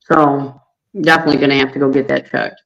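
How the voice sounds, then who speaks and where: A man hosting a casual livestream, hoarse from allergies, friendly and greeting viewers by name. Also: medium pitch, flat delivery, quick pace, a bit bright, dull audio. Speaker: livestream host.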